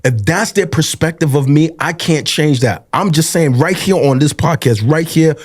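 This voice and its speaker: A man's voice: on the high side, moderate pace, slightly rough. A pastor speaking earnestly and passionately in a podcast conversation, repeating himself as he presses his point. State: tearful at times.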